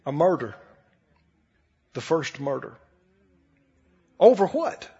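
High, animated husky-voiced preacher. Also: male voice, takes it slowly. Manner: animated, folksy and emphatic, asks the audience questions. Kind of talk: sermon. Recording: dull echoey hall broadcast.

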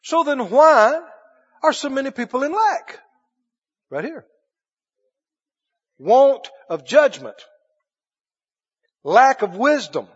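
A man preaching a sermon emphatically, repeating phrases and rising into shouts. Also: extremely high pitch, big pitch swings, slow, pauses often, husky. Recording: dull lo-fi recording.

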